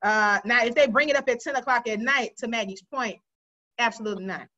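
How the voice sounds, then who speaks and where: Bright, high woman host; candid, laughing, repeats herself; muffled lo-fi sound. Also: fairly quick. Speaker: podcast host. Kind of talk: casual group chat.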